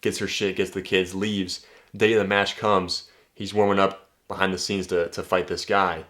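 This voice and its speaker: Low-voiced man, dating coach, casual profane monologue. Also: little pitch movement, moderate pace, fairly bright tone. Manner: blunt and profane, tags points with "right?".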